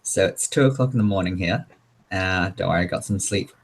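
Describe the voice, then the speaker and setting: A man from Australia, introducing himself as a guest on an online panel in a relaxed way. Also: deep voice, a little fast, husky. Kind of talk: casual chat.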